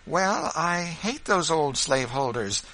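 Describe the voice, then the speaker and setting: A man voicing an eager, outspoken young Quaker boy in a storybook reading, raising his voice high above his own. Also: animated, a little slow, bright, forceful tone, full character voice, low-quality recording. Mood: indignant.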